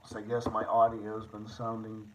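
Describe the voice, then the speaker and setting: A young man hosting a casual livestream, excitable and rambling, swearing often with quick restarts. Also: on the low side. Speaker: livestream host. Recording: echoey room, faint noise.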